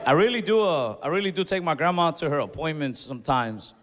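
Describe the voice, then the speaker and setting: A young male stand-up comedian with a voice on the high side talks briskly and expressively, telling casual, conversational stories sprinkled with Spanish asides. He's on a comedy club stage before a laughing audience, and the noisy crowd comes through on a live stage mic with long hall reverb.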